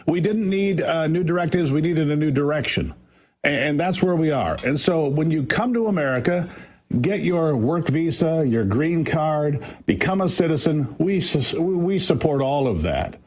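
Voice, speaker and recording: A man's voice: fairly high pitch, a little mellow. A middle-aged man giving emphatic, folksy political commentary on a morning show, with frequent restarts. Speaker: guest commentator. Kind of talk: opinionated morning-show talk.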